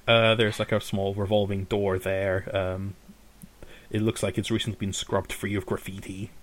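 A man as game master, describing scenes in a relaxed, rambling way. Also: fairly low pitch, normal speed. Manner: relaxed, rambling, with fillers and laughs. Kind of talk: narrating a tabletop game.

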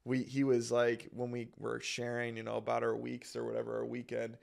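Casting: young man, monotone delivery with vocal fry, rambling anecdote. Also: medium pitch, fairly quick. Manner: rambling, self-conscious, lots of fillers and acted quotes. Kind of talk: casual storytelling.

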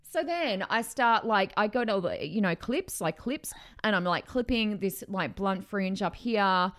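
A middle-aged woman telling a story in a casual chat, animated, with many fillers and restarts. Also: medium pitch, measured pace.

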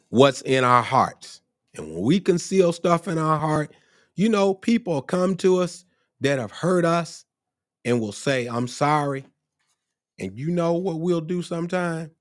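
A man preaching a sermon, exhorting and working himself up with cries of praise and long drawn-out phrases. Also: medium pitch. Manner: exhorting, rising to excited shouts of praise.

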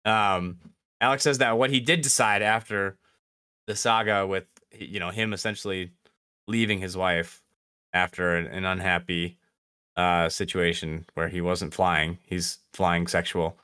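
Bright-voiced Midwestern man, casual chat. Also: sits low, fairly even intonation, unhurried, smooth, dry recording, studio quality. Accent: Midwestern American. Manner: rambling, hesitant, many restarts. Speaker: podcast co-host. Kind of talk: casual book discussion.

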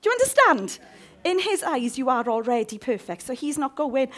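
Lively, high-voiced woman preaching. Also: normal speed. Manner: animated, humorous, asks the audience questions. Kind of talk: sermon.

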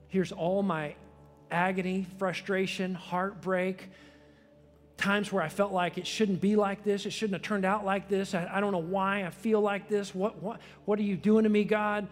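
A middle-aged man preaching a sermon as a pastor, leading an altar call and prayer, impassioned and swelling to loud peaks before dropping soft. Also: sits high. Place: large church sanctuary. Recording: long hall reverb.

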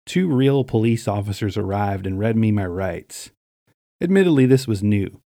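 A middle-aged man from Staten Island, New York, narrating his memoir in a dry, wry, deadpan way. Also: on the low side, moderate pace, vocal fry, no room sound.

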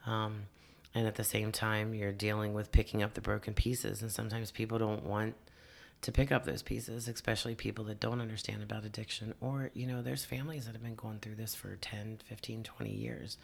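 A man with a low, gravelly voice and a lot of fry. He speaks earnestly and haltingly, starting over mid-sentence as he chats in a podcast conversation. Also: little pitch movement. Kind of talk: casual conversation.

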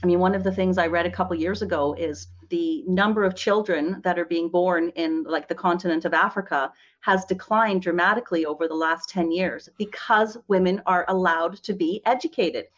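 A woman real estate investor talks as an interview guest in a casual, animated way. She leans on fillers like "you know" and tag questions. The recording sounds slightly dull and lo-fi. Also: on the low side, moderate pace, few pauses. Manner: animated, laughs often, many "you know"s and "right?"s.

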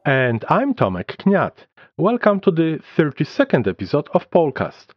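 Man co-host, very lively read, dry lo-fi. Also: fairly high pitch, normal speed, no echo. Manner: read-aloud, very lively intonation. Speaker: podcast co-host. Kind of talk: scripted show introduction. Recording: dull dry lo-fi recording.

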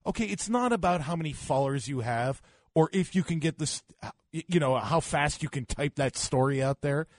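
A man's voice: on the high side, normal speed, darkish tone, dry recording. A man co-hosting a late-night radio show, speaking emphatically and ranting. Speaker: radio co-host.

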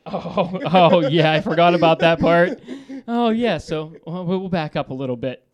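A man calling in to a talk show, telling a story in a lively, laughing way, swearing and restarting his sentences. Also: a little high, normal speed, lo-fi sound. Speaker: caller. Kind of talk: casual storytelling.

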